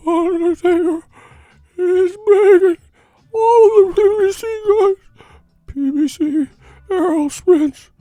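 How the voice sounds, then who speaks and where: A man mimicking a pundit with a high, quavering, drawn-out ghostly wail. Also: dark tone, no room sound. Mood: mocking wail. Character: ghostly wailing male boxing pundit mockery.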